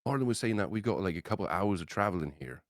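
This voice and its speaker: A man's voice: low-pitched, expressive, racing, no room sound, clean studio sound. A man playing a tabletop role-playing game, thinking aloud with hesitant fillers. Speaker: player. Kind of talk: casual tabletop game chat.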